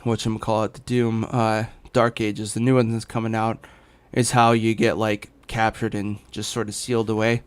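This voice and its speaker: Rambling man with a smooth voice. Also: fairly low pitch, little pitch movement, moderate pace. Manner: rambling, full of fillers and restarts. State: hiccuping. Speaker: gaming streamer. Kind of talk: casual rambling chat. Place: home in Los Angeles.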